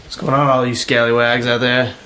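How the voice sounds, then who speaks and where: Easygoing guest from Maine. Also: male voice, medium pitch, level tone, brisk, sharp tone, echoey room, a little hiss or hum. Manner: easygoing, explains things at length. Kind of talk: casual podcast chat. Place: studio.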